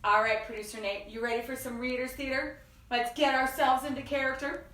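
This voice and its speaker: A woman hosting a children's story time, leading songs and call-and-response in an animated, sing-song way. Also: high voice, a little fast, recorded from a distance. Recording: echoey room, voice away from mic.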